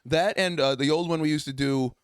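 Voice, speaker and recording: A man's voice: on the high side, brisk, clear, resonant tone, no room sound, studio quality. A man co-hosting a casual podcast, laid-back, answering in short replies and crude jokes. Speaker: podcast co-host.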